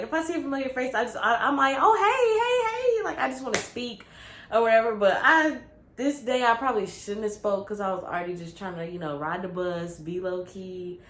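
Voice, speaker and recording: A young woman vlogger telling a casual, animated story with lots of slang. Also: mid-range voice. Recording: roomy with faint ambience.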